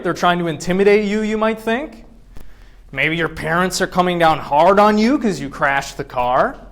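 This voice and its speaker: Higher-voiced male professor lecturing a class. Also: a bit bright. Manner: quizzes the class with quick questions; acts out voices to demonstrate points.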